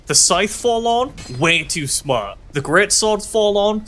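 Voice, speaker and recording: A man's voice: high voice, lively intonation, takes it slowly, fairly bright tone, a little hiss or hum. A man streaming a game, musing with lots of fillers and ranting theatrically with heavy swearing at enemies. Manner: musing, filler-heavy storytelling between bursts of frustration. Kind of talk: casual gameplay commentary.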